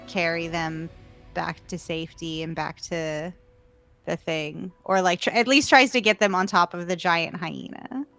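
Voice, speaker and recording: A woman's voice: lowish voice, a bit bright. A woman playing a tabletop game, describing her character's actions hesitantly with many fillers. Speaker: player.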